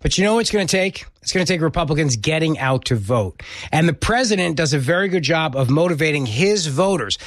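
A man's voice: fairly high pitch, expressive, a little fast. A middle-aged man hosting a political talk radio show, speaking emphatically and often repeating words as he presses a point.

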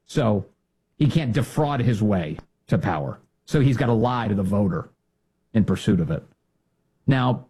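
A man's voice: medium pitch, mellow, husky. A man hosting a political talk show, delivering a sarcastic, mocking monologue. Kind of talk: opinionated monologue.

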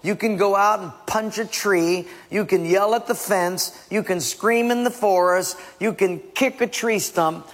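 A man preaching a sermon in an urgent, emphatic way, dropping to hushed asides and rising to loud exhortation. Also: sits high, measured pace, hardly any pauses. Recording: long reverb from a large hall.

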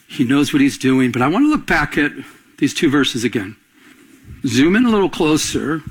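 A middle-aged man preaching a sermon, calling out questions to the congregation and building to emphatic points. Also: fairly high pitch. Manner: call-and-response preaching, rising to emphatic climaxes. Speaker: pastor.

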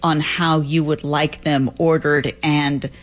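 Female interviewer, very low pitch, relaxed conversational questioning. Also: slow.

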